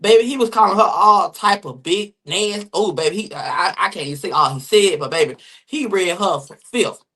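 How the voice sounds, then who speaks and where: With a high, pushed, bright voice, a man runs a sassy gossip livestream, reading the chat with attitude, swearing, talking fast, and addressing his viewers. A phone or webcam mic records him.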